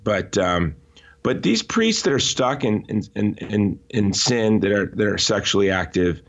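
A man being interviewed, telling stories in an animated, emphatic way with frequent restarts. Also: lowish voice, unhurried, dull audio. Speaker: interview guest. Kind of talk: conversational podcast interview.

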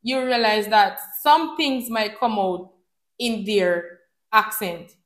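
A Jamaican woman telling a vacation story in a casual vlog, switching between patois and English with an animated delivery. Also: mid-range voice, slow, reverberant. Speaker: vlogger.

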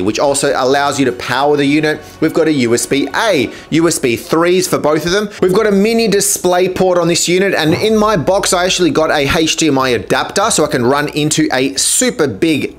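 An enthusiastic tech YouTuber with an Australian accent and a fairly high voice walks through a product review. He keeps things upbeat and animated.

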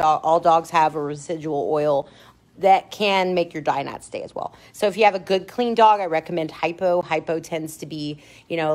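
A woman's voice: low-pitched, a little mellow. A woman dog groomer leading a live-stream grooming tutorial, chatty and self-mocking, laughing often as she works in a grooming salon. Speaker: dog groomer demonstrating dye techniques.

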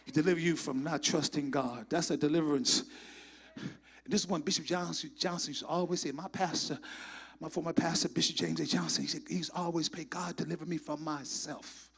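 A high-pitched male pastor with a gravelly, husky edge to his voice delivers a sermon in a church. He swings between shouted, fervent passages and quiet, near-whispered asides. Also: fairly even intonation, fairly quick. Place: church sanctuary.

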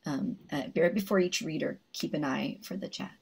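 A woman with a deep, husky voice hosts an online event. She walks the audience through instructions, hesitating often in a casual, easygoing way. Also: moderate pace, low-quality recording. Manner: hesitant, explaining logistics. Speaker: organizer and host of a writing event.

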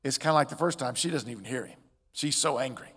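A man preaching a sermon as pastor, expressive, with loud emphatic peaks and quiet drops. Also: mid-range voice, fast, husky. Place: church sanctuary. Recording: long church hall reverb.

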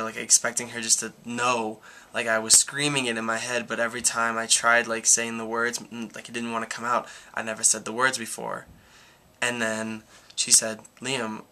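A man's voice: mid-range voice, completely flat delivery, normal speed, sharp tone. A young man around nineteen tells a personal story in a casual vlog, rambling, with many "like"s and restarts. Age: about 19. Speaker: YouTuber.

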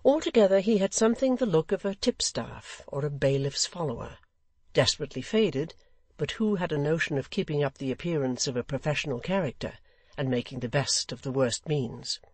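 A man narrating a classic novel audiobook in a measured, deliberate way. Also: on the high side, expressive, a little mellow, dry recording.

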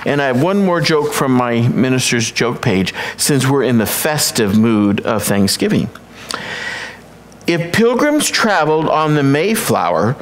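Man, church speaker, sanctuary, middle-pitched voice, slow prayerful cadence, teasing corny jokes. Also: big pitch swings. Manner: playful, hamming up corny jokes. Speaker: church speaker leading the service. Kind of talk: prayer and sermon.

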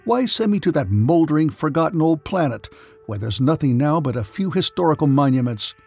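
A man's voice: mid-range voice, a little fast, darkish tone, faint music behind, close to an everyday voice. A man voicing a heated young starship man. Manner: heated, protesting. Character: angry young male starship-line man.

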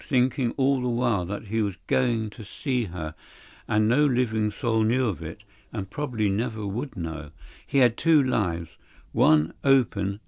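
A man narrating a classic short story in a measured, steady audiobook reading. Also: lowish voice, creaky, no echo. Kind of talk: scripted literary narration.

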